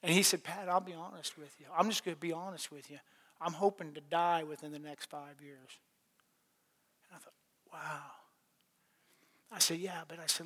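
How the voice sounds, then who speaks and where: A middle-aged man delivers a sermon in a folksy, plainspoken way, circling back on his words and chuckling between points. His voice sits a little high for a man. The sound rings with the long reverb of a large hall. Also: fairly even intonation, moderate pace, long pauses, fairly bright tone. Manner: plainspoken, folksy testimony with laughs and repetitions. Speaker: preacher.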